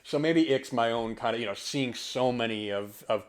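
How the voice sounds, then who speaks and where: A man's voice: medium pitch, moderate pace. A young man hosting a podcast, talking casually about a film in a rambling way, with lots of fillers and restarts. He is from the US East Coast. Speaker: podcast host. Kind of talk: casual film review monologue.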